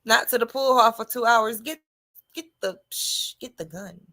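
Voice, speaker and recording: A woman hosting a podcast, delivering a loud, animated comedic monologue to her listeners. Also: a little high, normal speed. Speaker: podcast host.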